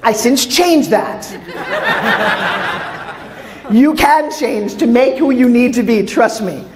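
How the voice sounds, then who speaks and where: A woman with a New York accent giving an energetic motivational stage talk, telling stories with asides to the audience. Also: fairly high pitch, slow, crowd noise. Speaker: motivational speaker. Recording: echoey hall.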